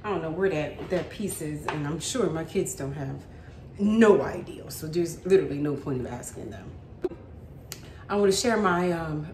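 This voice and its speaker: A chatty woman in her thirties tells home stories as a vlogger, laughing often and packing in fillers. Her voice sits mid-range and sounds roomy, with a faint hum in the background. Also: medium pitch. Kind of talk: casual storytelling chat.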